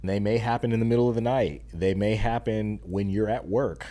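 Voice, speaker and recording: Deep, mellow-voiced man, earnest and emphatic. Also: steady tone, fairly quick. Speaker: podcast guest, stay-at-home dad and content creator. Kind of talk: casual interview conversation.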